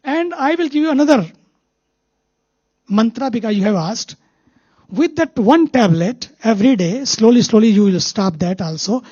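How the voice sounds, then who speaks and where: Husky-voiced spiritual teacher with an Indian accent. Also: mid-range voice, animated, dark tone, no echo, dull audio. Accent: Indian English. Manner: storytelling, repeats key phrases slowly for emphasis. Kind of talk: spiritual talk with anecdotes.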